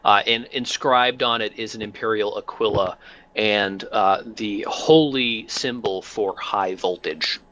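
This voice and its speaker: Bright-voiced man running a tabletop game. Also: lowish voice. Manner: halting, lots of fillers. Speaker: game master.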